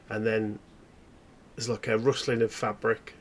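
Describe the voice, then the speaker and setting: A man running a tabletop horror game as game master, describing scenes in a relaxed, meandering way. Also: on the low side, unhurried.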